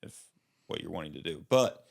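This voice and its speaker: A young man co-hosting a podcast in loose, easygoing talk. His voice is on the low side. He rambles with many fillers and lobs playful questions at his co-host. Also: expressive, fairly quick, gravelly. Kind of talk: casual chat.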